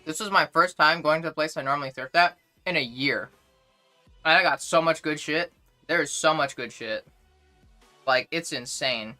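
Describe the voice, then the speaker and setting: A woman's voice: low voice, moderate pace, pushed and bright, faint music behind. A young woman chatting casually on a live stream, greeting viewers one by one and joking crudely. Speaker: livestreamer.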